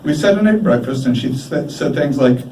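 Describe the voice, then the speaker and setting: A man giving a live reading of his prose, measured and deliberate, with dramatic pauses. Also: mid-range voice, lively intonation, dark tone, a little hiss or hum. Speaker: writer reading his work. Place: bar, live event. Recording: echoey bar from a distant mic. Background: faint room ambience.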